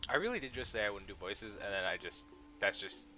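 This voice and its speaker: Young man, very low voice, bright tone, casual rambling live reaction, reads game dialogue aloud. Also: expressive, brisk, faint music behind. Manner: casual, rambling with frequent "like" fillers.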